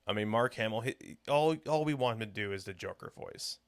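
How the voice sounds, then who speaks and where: A man's voice: lowish voice, fairly quick. A man co-hosting a podcast in casual chat, rambling and laughing often as he talks. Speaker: podcast co-host.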